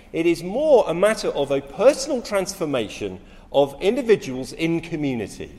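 A man preaching a sermon with dramatic delivery that swells into loud, emphatic passages. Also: on the high side, long reverb tail.

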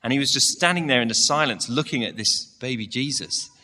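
A man's voice: mid-range voice, animated, fairly quick, sharp tone, slight background noise. A man giving a sermon to a church congregation, telling a story and asking the listeners direct questions. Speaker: preacher. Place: church service, large hall. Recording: long hall reverb.

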